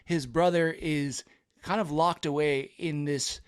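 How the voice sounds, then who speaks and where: A man's voice: fairly high pitch, steady tone, measured pace, clean tone. A man co-hosting a casual pop-culture podcast, recapping a show eagerly with plenty of fillers. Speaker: podcast co-host. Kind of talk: casual chat.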